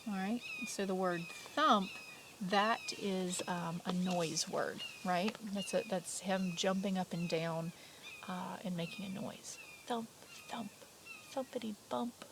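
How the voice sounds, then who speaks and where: A woman's voice: medium pitch, huge pitch swings, slow pace, background noise. Chatty kindergarten teacher woman reading aloud. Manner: chatty, asks children questions, voices story characters. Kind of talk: read-aloud lesson for young children.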